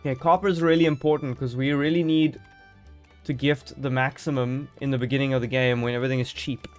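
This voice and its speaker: A man's voice: medium pitch, steady tone, fairly quick, faint music behind. A man streaming a game live, chatting casually and joking as he thinks aloud.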